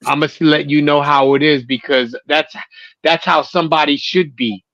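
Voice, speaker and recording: A man's voice: a little high, steady tone, moderate pace, fairly bright tone, dry recording, lo-fi sound. A man co-hosting a casual sports podcast, talking plainly and bluntly with frequent restarts, heard over a remote line. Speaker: podcast co-host.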